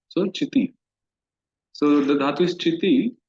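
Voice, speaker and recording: A man's voice: on the high side, slow pace, darkish tone. A man teaching Sanskrit grammar in a recorded class, explaining step by step and repeating key terms. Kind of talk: recorded online class lecture. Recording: dull lo-fi recording.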